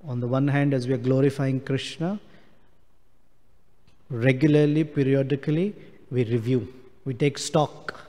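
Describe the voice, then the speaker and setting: Brief: man, scripture lecturer, slow and mellow, long hall reverb. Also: medium pitch. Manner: slow, explains Sanskrit verse word by word. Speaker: speaker giving a scripture class. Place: temple hall.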